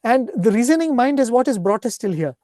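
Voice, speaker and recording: A man giving a devotional talk, retelling stories in an unhurried, explanatory way and often checking in with a questioning "right?". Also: extremely high pitch, expressive, dark tone, no echo, clean studio sound. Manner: ends points with a questioning "right?". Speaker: spiritual speaker.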